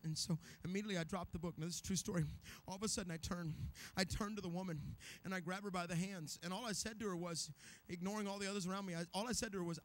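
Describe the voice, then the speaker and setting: A man's voice: high voice, steady tone, quick pace. A man preaching a revival sermon in a church, telling stories dramatically and acting out the voices. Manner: dramatic, acts out voices, builds to shouting. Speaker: guest preacher.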